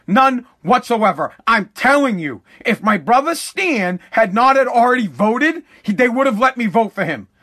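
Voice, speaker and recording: A man, hosting a casual rant monologue in a profane, animated way, repeating himself as he goes. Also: extremely high pitch, normal speed, hardly any pauses. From Massachusetts.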